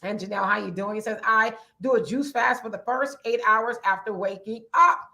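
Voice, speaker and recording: A woman with a raspy voice co-hosting a casual livestream chat, reading viewer comments aloud and answering them in a conversational way. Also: medium pitch, a little fast, sharp tone. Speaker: livestream co-host.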